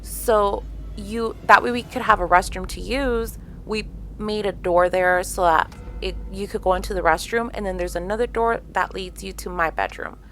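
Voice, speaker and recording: A woman's voice: mid-range voice, moderate pace, soft background music. A woman in her thirties hosting a casual podcast, telling stories animatedly with lots of fillers and a few phrases. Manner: animated storytelling, many fillers, Spanish phrases mixed in. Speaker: podcast host.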